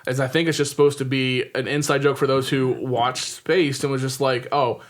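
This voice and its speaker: A podcast host with a flat, medium-pitched voice and moderate pace casually retells a film's plot. His recap rambles, dotted with frequent ums and chuckles.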